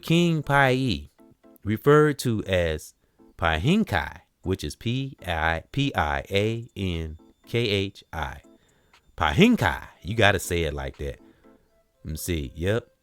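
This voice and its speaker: Deep-voiced man reading haltingly. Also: no room sound. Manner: reads aloud haltingly, spells out names, stumbles and repeats words. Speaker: host. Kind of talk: casual reading and commentary.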